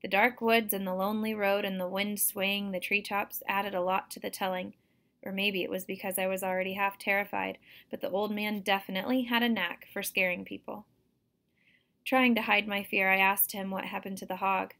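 A woman, a teacher, reading a novel aloud to students in a steady, expressive storytelling manner. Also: medium pitch, normal speed.

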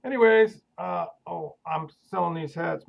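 A man rambling through a casual video message with a folksy, deadpan manner, sending a question to another video maker. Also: on the high side, unhurried, vocal fry, lo-fi sound.

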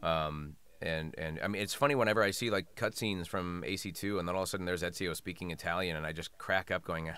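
Smooth-voiced chatty man. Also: low-pitched, fast, hardly any pauses, pushed and bright. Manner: chatty, laughs often, slips into playful put-on voices. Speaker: voice actor guest. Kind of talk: casual interview chat.

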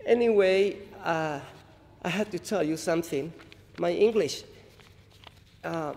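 A man from Paraguay, a harpist, introducing songs on stage in halting, humble English after a Spanish greeting, with pauses and restarts. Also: a little high, gravelly, darkish tone. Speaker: harpist performer. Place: large hall, live audience. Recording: roomy hall reverb, faint ambience.

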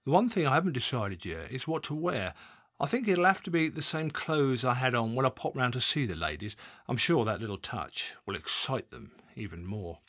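A man reading an audiobook, voicing a smug, leering male criminal suspect who talks in a low, chatty, oily way. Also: lively intonation, moderate pace, a bit bright, dry recording, studio quality.

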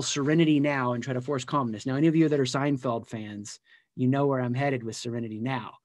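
A man with a slightly higher voice teaches a personal growth session at a live community event. He talks emphatically, repeats his key phrases and builds energy toward his points. The sound is close and dry, with no room echo. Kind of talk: live motivational teaching talk.

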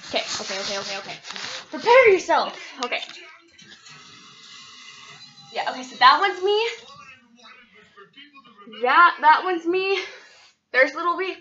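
A woman's voice: sits high, bright, forceful tone. A teenage girl rambling and giggling through a casual home vlog, self-mocking and chatty. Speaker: vlogger. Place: at home, in and around the kitchen. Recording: dull lo-fi home video with faint noise.

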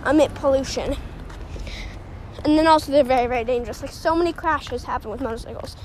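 A young host with a high voice talks while walking outdoors. She rambles in a silly, self-mocking way and is a little out of breath, with faint noise behind her. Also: quick pace, a little mellow. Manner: silly, self-mocking, jumps between topics. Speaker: podcast host. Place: outdoors on a walk near a road.

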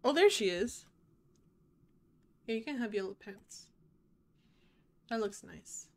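A woman's voice: a little high, expressive, slow. A woman chatting playfully through a video game playthrough, talking to her viewers as she plays. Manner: chatty, playful, talks to chat while playing. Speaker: gaming streamer. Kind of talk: casual let's-play commentary.

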